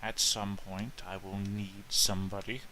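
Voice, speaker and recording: Brief: pompous foppish nobleman, formal and slow, a man voicing him, low tone. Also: little pitch movement, bright, forceful tone, slight background noise. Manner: measured, formal.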